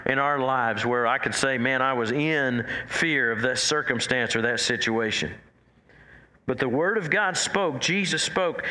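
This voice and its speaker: A man's voice: mid-range voice, pushed and bright, roomy sound. A male pastor preaching a conversational sermon, with frequent restarts and scripture quotes spoken in a lifted voice.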